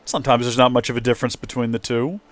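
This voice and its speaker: A man's voice: medium pitch, quick pace. A man hosting a let's play, joking and rambling over the game. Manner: jokey, rambling, excitable. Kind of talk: casual gameplay commentary.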